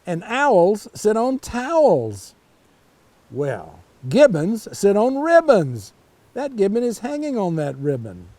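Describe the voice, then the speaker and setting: An older man reading a children's picture book aloud, pausing to chat about the pictures. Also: high-pitched, dry recording. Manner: slow, lively storytelling with asides about the pictures. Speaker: storytime reader.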